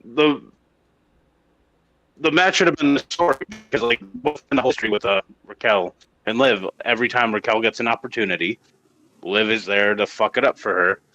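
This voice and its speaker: A man's voice: medium pitch, moderate pace, pushed and bright, muffled recording. A man co-hosting a casual wrestling podcast who rambles and restarts his sentences. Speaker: podcast co-host. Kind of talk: casual chat.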